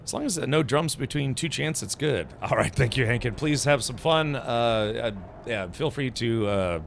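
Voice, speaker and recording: A young streamer talks casually over his gameplay, reacting and answering chat. His pitch jumps around animatedly, and there is a faint background ambience. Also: lively intonation, normal speed, gravelly, slight background noise. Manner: chatty, reacts and reads chat aloud. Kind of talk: casual let's play commentary.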